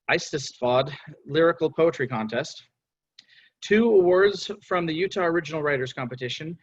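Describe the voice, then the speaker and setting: A slightly high-voiced man reads a formal introduction at an even, steady pace. The sound is dry and lo-fi, dull at the top. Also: no room sound. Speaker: panel moderator. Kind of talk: reading a speaker introduction.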